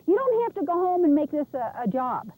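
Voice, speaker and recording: A woman's voice: high voice, very animated, a little fast, darkish tone. A woman animal trainer coaching pet owners through commands, repeating her instructions with encouragement. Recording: noisy outdoor VHS recording.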